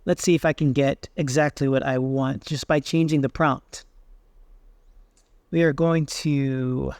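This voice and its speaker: A man hosting a software tutorial, casually thinking aloud with fillers as he tries things on screen. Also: medium pitch, fairly even intonation, a little slow, no room sound, studio quality. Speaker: tech tutorial host. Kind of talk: screen-recorded software walkthrough.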